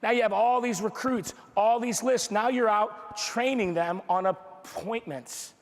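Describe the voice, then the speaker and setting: A man giving an energetic motivational training talk to a live audience. He drives points home with repetition and rhetorical questions and acts out dialogue. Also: high-pitched, a little slow. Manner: acts out dialogue in quoted voices. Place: large room with an audience. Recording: long hall reverb from a live event.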